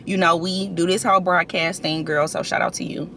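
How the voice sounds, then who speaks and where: A young woman vlogger from St. Louis, chatting casually and telling an animated story in her car. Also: lowish voice, brisk, slight background noise. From St. Louis, USA.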